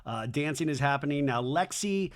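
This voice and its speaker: A man's voice: fairly high pitch, expressive, moderate pace. A man hosting a podcast, recapping a reality show in a casual, sarcastic way and acting out the quotes in exaggerated voices. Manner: profane and sarcastic.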